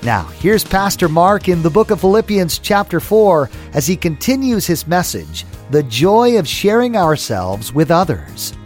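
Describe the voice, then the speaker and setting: Male broadcast announcer, scripted friendly read, lively delivery. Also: sits high, a little slow, few pauses, soft background music. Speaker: radio announcer.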